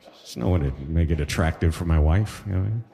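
A man from the Caribbean works a stand-up set in a low, mellow voice, firing punchy lines and rhetorical questions at the crowd. His voice rings with the long reverb of a club hall. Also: fast talker, gravelly. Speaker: stand-up comedian.

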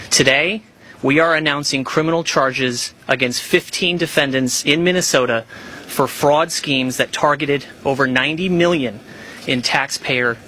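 A man's voice: mid-range voice, sharp tone, a little hiss or hum, rough recording. A man, a government official, reading a formal, emphatic statement at a press conference. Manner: measured, emphatic official delivery.

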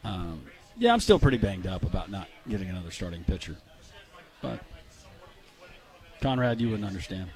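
A man's voice: sits low, sing-song, normal speed, pauses often, a little mellow. A man co-hosting a sports radio show, bantering and joking in a casual way. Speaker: radio co-host.

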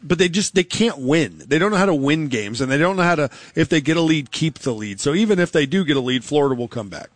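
A man's voice: a little high, animated, dry recording. Man hosting sports talk radio. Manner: quick opinionated analysis. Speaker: radio show host. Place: live remote broadcast at a car dealership.

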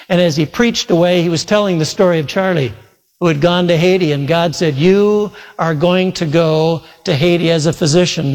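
A man preaching a sermon, telling a long story earnestly and acting out the quoted voices. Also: sits high. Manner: earnest storytelling with quoted retellings and sudden loud shouts. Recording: long hall reverb.

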